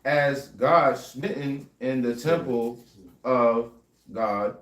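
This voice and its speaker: A man reading scripture aloud in a slow, measured way. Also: mid-range voice, fairly bright tone. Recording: echoey room with faint noise.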